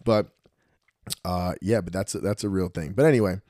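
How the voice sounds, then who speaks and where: A man's voice: low-pitched, moderate pace, no echo, studio quality. A man from New Jersey hosting a podcast in casual chat, telling stories and acting out what people said, with some swearing. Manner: animated storyteller, acts out quotes, swears. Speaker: podcast host.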